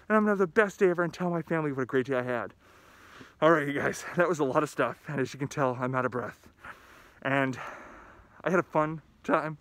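A man who is a school principal, talking upbeat and enthusiastic in a video message to students and telling corny jokes. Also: a little high.

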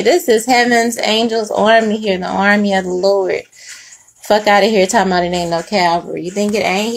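A woman's voice: medium pitch, gravelly. A woman giving a casual tarot reading, blunt and profane, laughing between lines and preaching in asides. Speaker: tarot reader.

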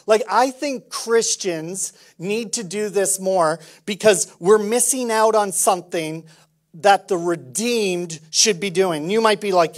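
A man pastor preaching a sermon at an unhurried pace. He is animated and playful, acting out little dialogues, and he swings from soft asides to loud calls. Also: high-pitched.

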